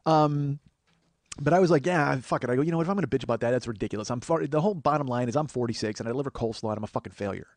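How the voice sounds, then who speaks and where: A man's voice: medium pitch, rapid-fire, no room sound. A man in his forties giving a rambling, profane, self-deprecating comic monologue as a podcast host. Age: 40s.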